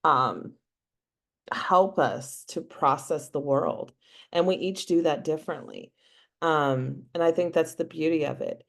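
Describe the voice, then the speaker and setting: A woman's voice: low voice, unhurried, creaky. A woman speaking as an interview guest over a video call, heartfelt and peppered with "like" and "you know". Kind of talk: casual interview chat.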